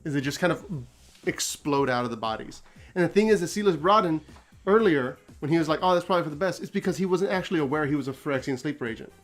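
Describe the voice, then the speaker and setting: A man's voice: fairly high pitch, animated, fast, faint music behind. A man hosting a casual story recap, talking animatedly, laughing often and acting out quotes. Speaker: host.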